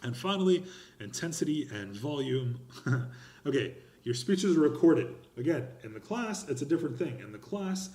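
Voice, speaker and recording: A man teaching a college speech class, explaining grading criteria in an emphatic, expressive lecture style. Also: on the high side, normal speed, reverberant. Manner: emphatic and expressive, lively gestures. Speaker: college instructor.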